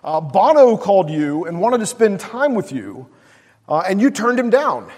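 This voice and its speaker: High-voiced man preaching in a reverberant hall. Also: very animated, normal speed, darkish tone, husky. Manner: casual storytelling with frequent "like" and "uh". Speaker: pastor. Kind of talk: sermon.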